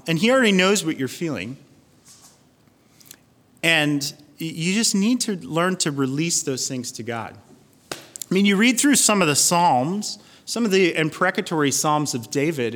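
A male pastor preaches in an earnest, conversational manner. His voice sits a little high and he speaks slowly. The sound carries a long reverb, as in a large hall. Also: lively intonation, fairly bright tone. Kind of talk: sermon.

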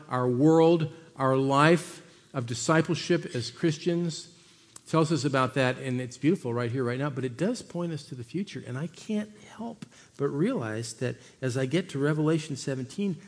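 Male pastor, sermon, slightly high voice, long church reverb, animated storytelling, loud then hushed.

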